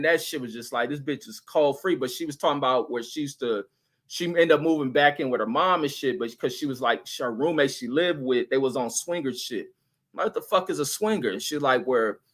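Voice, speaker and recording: A man's voice: fairly high pitch, a bit bright. A middle-aged man hosting a livestream, reading chat comments and telling loose, crude stories in a casual, profane rant.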